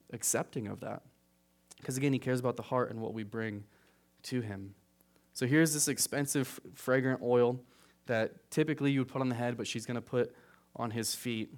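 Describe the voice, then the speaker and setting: A man preaching a casual, conversational sermon as pastor, often checking in with "right?", getting animated on asides and dropping quiet on serious points. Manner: conversational, keeps asking "right?"; rises animated at asides, drops low on solemn points.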